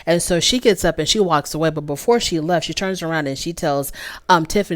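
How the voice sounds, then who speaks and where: A woman with a fairly low voice gives a casual, opinionated recap as the host of her own channel. She is animated and repeats her points for emphasis. The sound is dry and close, with no room echo. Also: brisk.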